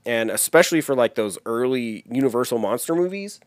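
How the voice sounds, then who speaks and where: A man co-hosting a casual movie chat, animated and swearing freely. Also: mid-range voice, brisk, no room sound.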